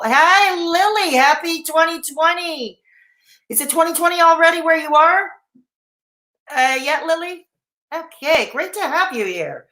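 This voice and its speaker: A woman's voice: fairly high pitch, sharp tone, reverberant. A woman hosting a casual live stream, chatting and answering viewer comments with many fillers and restarts, while she has the hiccups. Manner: rambling, frequent fillers and restarts.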